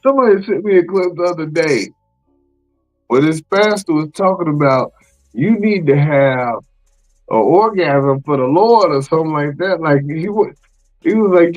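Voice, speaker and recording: Animated, slangy male podcast host. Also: high-pitched, moderate pace, muffled recording, soft background music. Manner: animated, slangy, exclaims and laughs often. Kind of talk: casual podcast chat.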